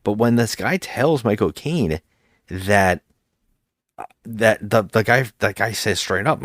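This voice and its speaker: Low-voiced man rambling through a movie plot. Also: slow pace, no echo, clean studio sound. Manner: rambling, hesitant, animated retelling of plot. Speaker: podcast co-host. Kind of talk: casual movie-review chat.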